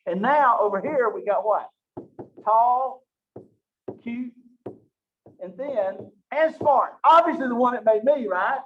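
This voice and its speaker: High-voiced man lecturing from a distance. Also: a little hiss or hum. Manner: lively, keeps asking rhetorical questions; jokes at his own expense. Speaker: biology instructor. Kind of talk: recorded online lecture. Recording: roomy, distant, dull lo-fi mic.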